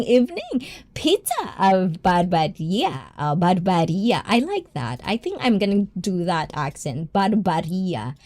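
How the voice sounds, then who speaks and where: A woman's voice: medium pitch, a little mellow. A woman hosting a casual livestream, a personal trainer who chats with viewers by name and laughs often.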